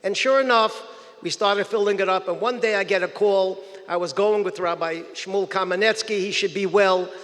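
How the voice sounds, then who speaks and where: A man giving a keynote speech, telling animated anecdotes and acting out quotes. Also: sits high, normal speed. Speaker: keynote speaker. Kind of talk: storytelling speech. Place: event hall. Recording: long hall reverb.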